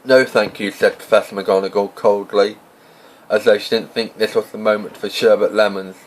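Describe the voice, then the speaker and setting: Lower-voiced man reading a story aloud. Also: level tone, moderate pace, slight background noise, rough recording. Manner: casual, with slips and off-script asides. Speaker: amateur audiobook reader. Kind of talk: casual fan audiobook narration.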